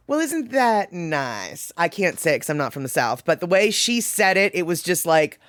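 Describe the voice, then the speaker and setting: A middle-aged livestream host reads chat and talks loosely, wandering through stories with frequent laughs and restarts. The animated, brisk voice is middle-pitched and fairly bright, recorded close and dry with no echo or room sound.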